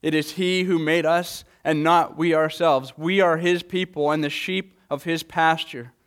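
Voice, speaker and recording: A man's voice: a little high, steady tone, measured pace, fairly bright tone, clean tone. Earnest man preaching a sermon. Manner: earnest, repeats words when stressing a point. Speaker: pastor.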